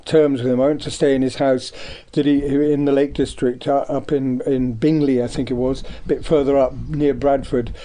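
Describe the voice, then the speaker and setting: Older Englishman, mellow rambling voice. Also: medium pitch, little pitch movement, normal speed. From Devon, England. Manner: rambling, anecdotal, many ums. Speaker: guest, artist. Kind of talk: radio interview chat. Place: radio studio.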